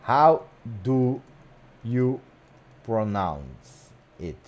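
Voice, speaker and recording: A man's voice: mid-range voice, very animated, extremely slow, lo-fi sound. Playful man hosting a livestream. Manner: playful, teasing, repeats words for effect. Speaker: host of a football fan channel. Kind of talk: casual livestream chat.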